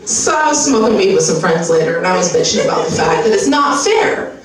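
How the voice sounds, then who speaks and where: A 30-something American woman performs stand-up at a live venue, slipping into a pushy skincare advertiser's voice. She's lowish, lively and fairly quick, brash and profane as she tells her story conversationally, and the echoey room is recorded from a distance with crowd noise.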